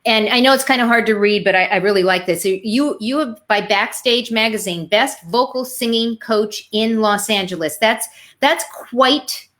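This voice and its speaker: A woman's voice: a little high, moderate pace. Affirming woman show host. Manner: warm, affirming interviewer who praises the guest. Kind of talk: casual interview chat.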